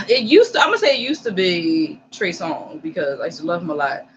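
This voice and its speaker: A bright, forceful voice co-hosting a casual podcast, frank and opinionated, with plenty of quick agreeing asides. The recording is dull and lo-fi, with faint noise in the background. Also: mid-range voice, lively intonation.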